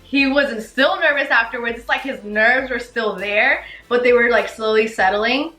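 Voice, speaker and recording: A young woman telling her story to camera in a casual, excited and gushing way, full of "you know" and "like". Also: a little high, normal speed, echoey room, poor audio. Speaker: vlogger.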